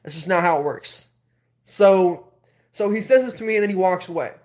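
A man hosting a livestream, telling a story casually in a rambling, animated way with many filler words. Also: high-pitched, moderate pace. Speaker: host.

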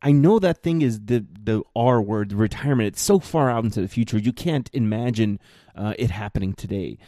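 A man's voice: lowish voice, brisk, dark tone, no room sound, clean studio sound. A man in his thirties hosting a solo podcast, ranting bluntly with exasperated, mocking jabs. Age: 30s. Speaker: podcast host.

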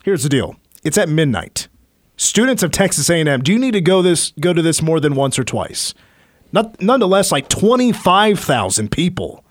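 A man's voice: on the high side, big pitch swings, normal speed. A man from Kansas hosting a sports radio show, joking and opinionated as he counts down a list. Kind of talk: casual sports talk.

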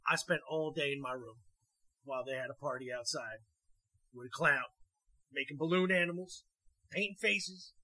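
Casual co-host, male, husky and bright, a bit high, animated and salty. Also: normal speed, long pauses, rough recording. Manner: animated, profane, repeats words when excited. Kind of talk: casual comedic chat.

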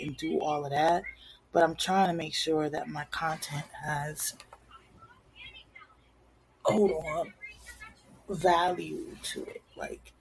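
A woman's voice: low voice, creaky, darkish tone, a little hiss or hum, poor audio. A woman hosting her own podcast in a rambling, candid, casual way. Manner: rambling, candid, self-deprecating. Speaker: podcast host. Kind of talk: casual solo podcast chat. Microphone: home recording setup.

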